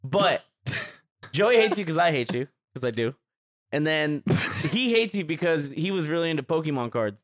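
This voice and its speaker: A man's voice: fairly high pitch, very animated, normal speed. Teasing man in laughing banter. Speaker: podcast guest. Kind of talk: casual chat.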